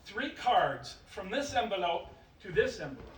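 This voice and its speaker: A man with a high, lively voice works a live crowd as a magician and comic storyteller. He talks playfully and often breaks into laughter. He sounds far from the mic in a roomy hall, with noise behind him. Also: normal speed. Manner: animated, laughing, playful showman. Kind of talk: live stage patter and joke telling. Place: stage in a hall with a live audience. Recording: roomy, distant live stage recording with noise.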